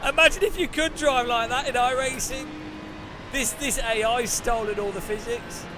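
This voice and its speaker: A man hosting a sim racing video, giving excitable, incredulous gameplay commentary with bursts of laughter. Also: very high-pitched, background noise. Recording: background music under voice.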